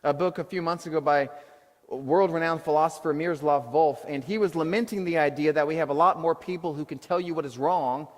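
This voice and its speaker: A middle-aged man preaching a sermon as pastor, telling self-deprecating stories in an animated way. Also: fairly high pitch, a little fast. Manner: storytelling with self-deprecating humor, animated retelling. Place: church auditorium. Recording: long hall reverb.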